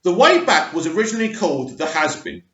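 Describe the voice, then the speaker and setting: Man, forties, chatty asides, stumbles and restarts, lively up-and-down voice, echoey room, muffled sound. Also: a little high, fast. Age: 40s. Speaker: movie news vlogger. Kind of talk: reading and commenting on an article.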